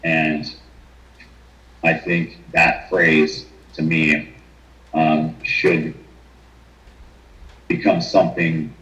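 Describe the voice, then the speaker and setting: A man, a firefighter recounting his memories in an interview, halting and choked up with emotion. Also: extremely low pitch, completely flat delivery, a bit bright. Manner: halting, many restarts and fillers. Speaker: retired firefighter guest. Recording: roomy, dull video-call audio.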